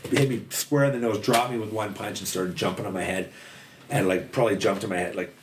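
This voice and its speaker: A man with a very deep voice tells his story in a loose, rambling way, swearing often and leaning on "like." He sits back from the mic in an echoey room with a faint hum of noise behind him. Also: fairly even intonation, a little fast. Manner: rambling, profane, heavy use of "like". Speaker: podcast guest. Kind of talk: candid storytelling about addiction. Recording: roomy, distant mic, faint background noise.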